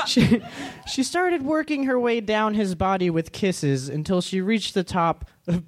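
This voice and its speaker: A man, a comedian, reading a comic story in a deadpan storybook manner at a comedy club. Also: sits high, measured pace.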